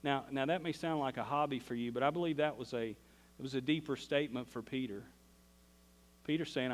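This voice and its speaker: A man's voice: medium pitch, a little fast. A man with a Southern US accent preaching a sermon, telling a Bible story in a folksy way. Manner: folksy storytelling, acts out quoted voices. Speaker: pastor. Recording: long hall reverb.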